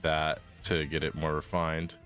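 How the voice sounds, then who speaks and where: A man chatting casually on a stream about tabletop characters, animated and laughing as he acts out lines. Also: rumbling low, a little slow, faint music behind.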